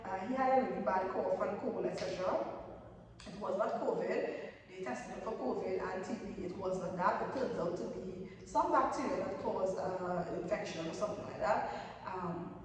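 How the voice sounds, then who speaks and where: A woman's voice: mid-range voice, normal speed, crowd noise. A young woman giving casual motivational advice in an emphatic way, often repeating her points. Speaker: vlogger giving new-year tips. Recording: echoey room, voice from far off.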